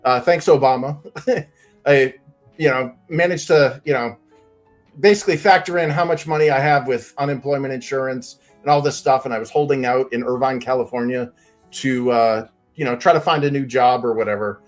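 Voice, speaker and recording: A man's voice: medium pitch, normal speed, soft background music. A man chatting casually as a guest on a podcast, rambling and laughing often. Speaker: guest comic creator.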